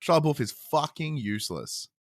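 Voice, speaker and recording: A man with an Australian accent, a podcast guest chatting casually, animated and blunt, with many stammered restarts and swearing. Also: a little high, normal speed, no room sound, clean studio sound.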